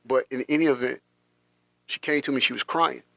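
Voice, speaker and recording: Halting man telling a personal story. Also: mid-range voice, steady tone, gravelly, pushed and bright, no room sound. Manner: halting, many restarts, emotional. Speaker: podcast host.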